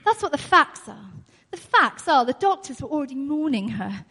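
A woman's voice: high voice, big pitch swings, moderate pace, creaky, bright, forceful tone. A woman preaching a sermon in an earnest way, repeating her key phrases and laughing often. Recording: long hall reverb.

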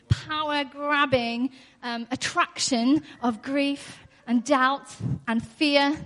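Woman, high voice, earnest sermon, repeats phrases, long hall reverb. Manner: earnest, repeats key phrases, laughs often. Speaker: preacher.

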